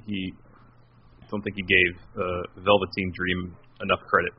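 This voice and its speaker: A man's voice: low voice, level tone, moderate pace, husky. A man co-hosting a podcast in casual chat, who tends to mumble. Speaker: podcast co-host. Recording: slightly muffled lo-fi audio.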